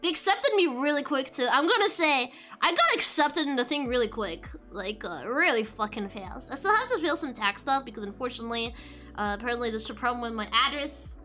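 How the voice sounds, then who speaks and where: High, lively, bright-voiced woman streamer. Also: brisk. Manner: rambling, giggly, self-interrupting. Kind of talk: casual stream chat. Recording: faint background music.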